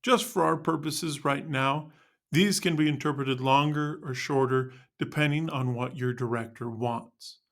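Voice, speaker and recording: A man's voice: mid-range voice, steady tone, a little slow. Upbeat man narrating a band lesson. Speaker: band music teacher.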